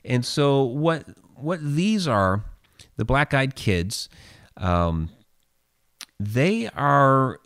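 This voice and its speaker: A man's voice: mid-range voice, big pitch swings, very slow, pauses often, a bit bright, dry recording, clean studio sound. A man hosting a show and telling a story in loose, casual chat, full of fillers and restarts. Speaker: host reading viewer questions.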